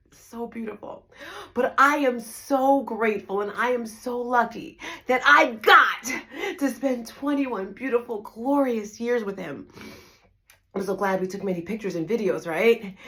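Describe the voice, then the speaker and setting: A middle-aged woman with a fairly high voice tells a personal story, speaking emphatically and repeating phrases for effect. She talks conversationally and keeps pulling the listener in with "right?" and "let me tell you.". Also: fairly bright tone. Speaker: fitness instructor and speaker.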